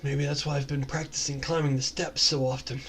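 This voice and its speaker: A man voicing a tense male adventurer who speaks quietly and uneasily. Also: fairly high pitch, level tone, a little fast, slight background noise, lightly acted. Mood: wry.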